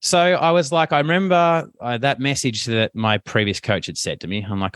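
Animated chatty man. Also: mid-range voice, moderate pace, few pauses. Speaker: podcast guest, coach. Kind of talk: casual interview chat.

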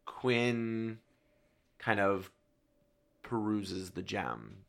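A man playing a tabletop role-playing game, describing his character's moves slowly and hesitantly. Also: on the low side, sing-song, vocal fry, a bit bright. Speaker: player.

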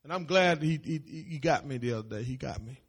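A man preaching a sermon in church, animated, repeating phrases and building up to shouts. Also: medium pitch, brisk, husky. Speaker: pastor. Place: church service.

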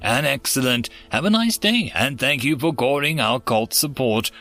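A man's voice: mid-range voice, lively intonation, normal speed, pushed and bright. A man voicing a chipper male human support-line operator who runs through upbeat call-centre patter. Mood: cheery, scripted.

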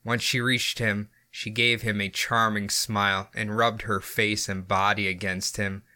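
A man's voice: on the low side, little pitch movement, measured pace, pushed and bright. A man hosting a podcast, reading out a story in a casual way and laughing often. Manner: giggly, often laughing through his reading. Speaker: podcast host and story narrator.

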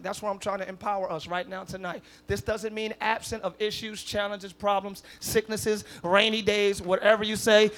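A male pastor with a very high, bright, forceful voice delivers a live church sermon. He moves from quiet, chatty asides to big shouted lines and pulls the congregation into call-and-response. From northern United States. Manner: preaching with call-and-response, swinging from soft asides to loud shouts. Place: church sanctuary, live service.

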